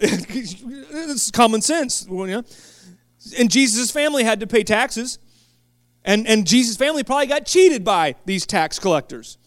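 A man delivers a fiery sermon in a strikingly high voice. He drops to quiet, wry asides, then climbs to shouted peaks, often tripping over his words and starting again. The sound is dry and close. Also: expressive, unhurried, no room sound. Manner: impassioned, swings from quiet asides to shouted climaxes; frequent stammered restarts. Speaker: pastor.

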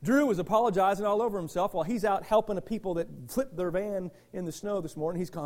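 A male pastor preaching a sermon with passion, firing rhetorical questions at the congregation and swinging from shouts to quiet asides. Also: high voice, fast talker, few pauses.

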